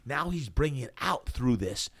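A middle-aged fitness coach from New Jersey, guesting on a podcast, tells a lively personal story at normal speed in a mid-range voice, animatedly acting out quoted dialogue. There's no room sound.

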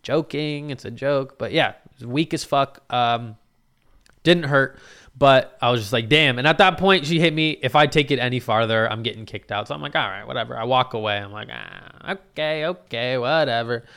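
A man's voice: medium pitch, normal speed, clean tone. A young man casually recounting a night out, swearing freely and acting out what people said. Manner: animated, swears a lot, acts out quotes. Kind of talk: casual storytelling monologue.

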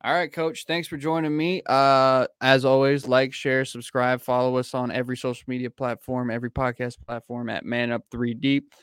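A young man tells a story on a casual podcast, swearing freely and acting out what everyone said. His voice comes through smooth and resonant. The sound is close and dry. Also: mid-range voice, moderate pace, hardly any pauses, no echo. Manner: animated storyteller who acts out quotes. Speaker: podcast host. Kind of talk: casual chat, profane storytelling.

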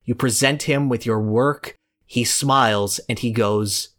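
A man's voice: mid-range voice, measured pace, fairly bright tone. A man co-hosting a podcast, telling a comically dramatic, building story about a game and then discussing it casually. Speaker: podcast co-host.

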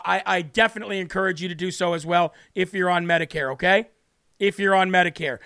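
A man hosting a talk show, ranting loudly and emphatically through political commentary with indignant outbursts. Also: high voice, clean tone.

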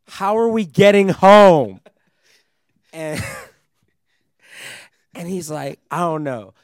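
A young man, a DJ guest, telling a wild story in casual chat, animated and swearing often, laughing as he goes. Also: medium pitch, dry recording, clean studio sound.

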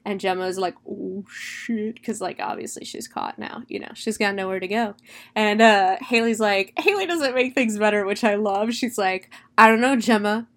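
A young woman casually recapping a horror film, chatty and animated, swearing freely. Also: mid-range voice, normal speed. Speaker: movie reviewer.

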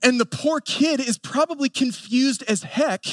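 A man in his thirties with an Appalachian North Carolina accent, preaching a sermon in an earnest way and building lists with emphatic pauses. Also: extremely high pitch, big pitch swings, no room sound. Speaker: pastor.

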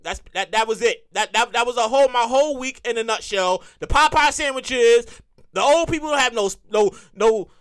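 A man hosting his own comedy show, telling a profane, excitable rant full of repeated lines. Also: extremely high pitch, moderate pace, clean tone. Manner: profane, excitable ranting with lots of repetition.

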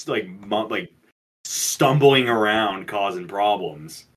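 A man co-hosting a podcast in casual banter, reacting to a story with loud, joking outbursts. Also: on the low side, expressive, slow, breathy edge. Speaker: podcast co-host.

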